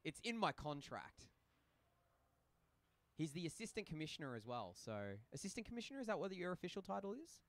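A man's voice: fairly high pitch, big pitch swings, a little fast. A young Australian man doing casual, joking play-by-play for a social ice hockey game from a rink booth. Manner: joking, rambling banter between play calls. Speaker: play-by-play commentator. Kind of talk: casual live sports commentary.

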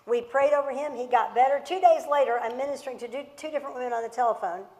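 A woman's voice: high voice, quick pace, darkish tone. A middle-aged woman pastor preaching a sermon through personal storytelling, impassioned and emphatic, repeating words for stress. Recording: long reverb of a large hall.

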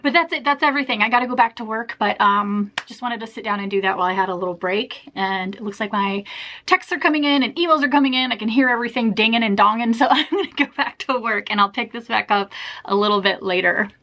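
A young woman chats to the camera in a vlog, laughing often and joking at her own expense. Her voice is on the high side, fast, and sharp in tone.

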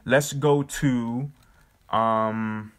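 A man's voice: medium pitch, steady tone, drawn-out words, fairly bright tone. A man leading a Bible study, speaking emphatically and casually and often asking his listeners whether they understand. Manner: emphatic, casual, with repeated rhetorical questions.

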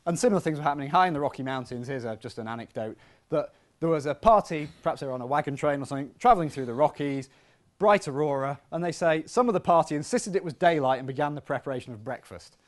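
This public science lecture in a hall comes from a male physics professor, delivered in a lively, chatty way with self-deprecating asides. He speaks fast, with a voice a little on the high side.

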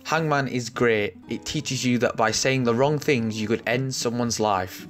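A man's voice: medium pitch, a little slow, fairly bright tone, faint music behind. A young man giving sarcastic, mock-outraged comedy commentary, swearing often.

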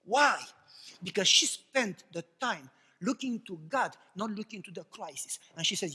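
A man preaching a passionate sermon, swinging between loud cries and hushed, low remarks. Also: expressive, normal speed, husky, big-room sound. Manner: impassioned preaching, swings from shouts to hushed tones.

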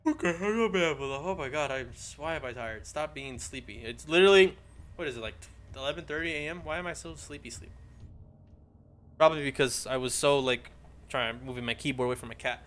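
A man's voice: a little high, brisk, sharp tone, slight background noise. A man playing a horror game and commenting as he goes, joking and yelping when startled, and reading in-game notes aloud at a desk microphone. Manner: jokey, jumpy, yelps when startled. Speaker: let's play gamer. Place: home room.

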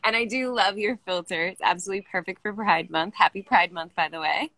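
A woman's voice: mid-range voice, fairly quick, pushed and bright, dry recording. A woman in breezy, affectionate casual chat on a live video call.

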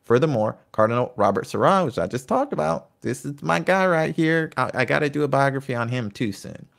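Guy with a gravelly voice reading church history off his notes, keeps going off on chatty tangents. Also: medium pitch, expressive, a little fast. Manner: chatty and enthusiastic, trips over names. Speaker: history video host. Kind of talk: reading notes with off-the-cuff asides.

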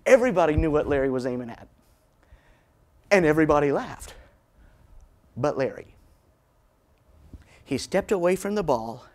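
Lively man telling a story. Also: on the high side. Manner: animated storytelling with dramatic slowdowns. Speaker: motivational speaker. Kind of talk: storytelling keynote talk.

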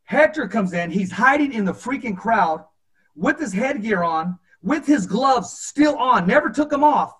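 A man hosting a boxing talk show, reading a listener's memory and telling a story from ringside with animated acted-out quotes. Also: very high-pitched, a little slow. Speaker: podcast host. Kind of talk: storytelling in casual interview.

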